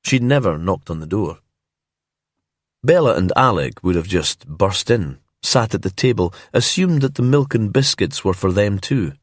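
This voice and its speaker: A man with a low voice reads a crime story slowly and calmly, keeping his delivery hushed and immersive. The sound is dry and close, with no room around it. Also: dry recording. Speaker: narrator. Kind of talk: calm scripted storybook narration.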